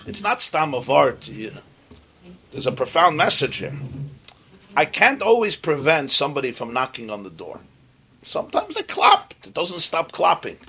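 A man teaching as a rabbi, telling a story in an animated way and dropping Hebrew and Yiddish terms into his sermon. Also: fairly high pitch, husky.

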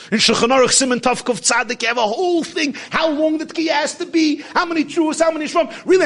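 A man preaching a sermon, telling a story, swinging between shouts and hushed asides, and sprinkling in Hebrew and Yiddish terms. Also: very high voice, quick pace.

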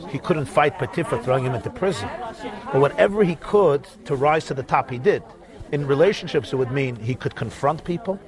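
A man, a rabbi, giving a storytelling sermon, animated and swooping up to shouted cries as he acts out scenes. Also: medium pitch, fairly quick, a crowd in the background.

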